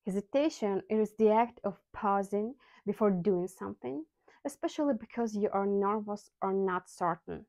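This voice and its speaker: A woman's voice: medium pitch, darkish tone, dry recording, low-quality recording. Careful non-native woman teaching vocabulary. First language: not English. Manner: slow, careful enunciation of example sounds. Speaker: English teacher. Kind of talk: scripted vocabulary lesson.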